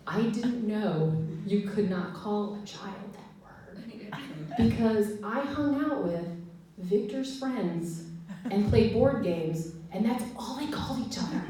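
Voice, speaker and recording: A woman in her forties with an American accent, telling stand-up stories in a chatty, giggly way and acting out quotes in high voices. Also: animated, takes it slowly, crowd noise. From United States. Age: 40s. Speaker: stand-up comedian. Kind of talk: stand-up storytelling. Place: live room with audience. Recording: distant mic in echoey room.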